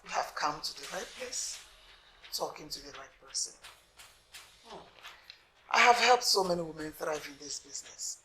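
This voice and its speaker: A Nigerian actress playing a haughty, scheming queen who swings between coaxing and shouting, in a film drama. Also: low voice, lively intonation, normal speed, pauses often, crowd noise. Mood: smooth reassuring. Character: scheming haughty queen, middle-aged woman. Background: film score music.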